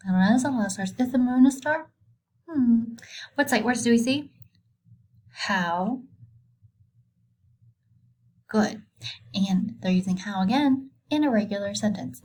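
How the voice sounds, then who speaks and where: Kindergarten teacher, female, husky-breathy tone, gently quizzes and praises young kids through a sight-word lesson. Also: medium pitch, low-quality recording. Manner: patient, encouraging, asks simple questions and praises. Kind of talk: recorded reading lesson for young children.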